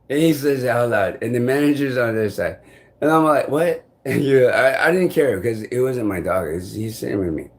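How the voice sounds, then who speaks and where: A man vlogging, telling a long frustrated story in a rambling, profane way. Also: lowish voice. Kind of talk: casual storytelling to camera.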